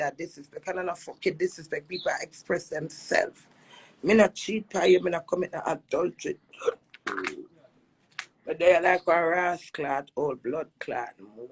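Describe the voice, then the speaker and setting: A Jamaican woman with a deeply gravelly voice pours out a heated, repetitive monologue, sliding between patois and English. Her tone is husky and rough, full of fry, and she leans hard on her points. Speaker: dancehall personality airing a marital dispute.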